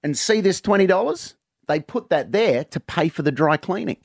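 A man's voice: sits high, animated, moderate pace, vocal fry, dry recording. An Australian man, a comedian guest in a radio studio, chatting and telling a joke with big character voices.

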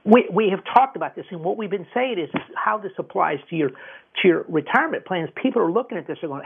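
Gravelly man on tinny talk radio. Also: sits high, animated, brisk. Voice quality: gravelly, husky. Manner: emphatic, repeats words and restarts often. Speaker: radio host. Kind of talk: political commentary on talk radio. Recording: tinny phone-like radio audio.

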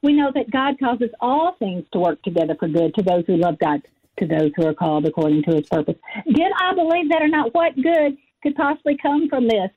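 A woman's voice: a little high, expressive, brisk, husky. Earnest woman telling a personal story. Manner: earnest, emotional, quotes herself often. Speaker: guest author. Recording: dull lo-fi audio.

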